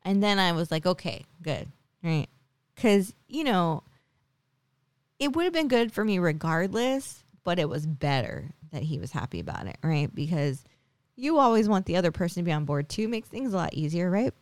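A woman's voice: fairly low pitch, sing-song, moderate pace, darkish tone, dry recording. A woman in her forties hosting a podcast, telling a personal story in a chatty, casual way full of tag questions and fillers. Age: 40s. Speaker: podcast host.

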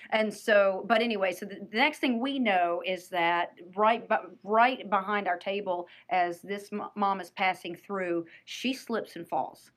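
A woman telling a personal story in an animated, earnest way, often restarting her sentences. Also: medium pitch, measured pace, hardly any pauses.

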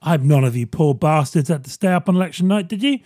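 A man hosting a podcast, delivering a sardonic comedy monologue with quick asides to the listener. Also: a little high, expressive, darkish tone, no room sound, studio quality. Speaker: podcast host. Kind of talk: stand-up style comedy monologue.

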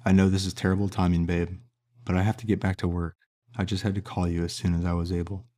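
A man's voice: deep voice, flat delivery, fast, mellow, natural voice. A man voicing a young man who speaks earnestly and confessionally to the woman he loves.

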